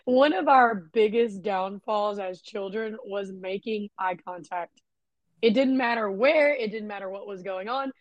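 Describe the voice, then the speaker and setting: A young woman co-hosting a podcast, trading blunt, swear-filled stories in casual conversation. Her voice sits at an ordinary middle pitch, and the recording is dry and close, with no room sound around it. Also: unhurried, no room sound, muffled recording. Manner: frank, profane, storytelling. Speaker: podcast co-host. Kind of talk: casual chat.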